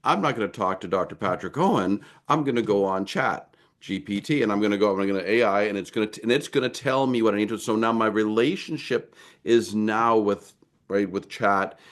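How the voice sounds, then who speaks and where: A man's voice: fairly low pitch, fairly quick. A man hosting a podcast interview, talking in an earnest, rambling way with lots of fillers. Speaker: podcast host. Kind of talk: casual interview.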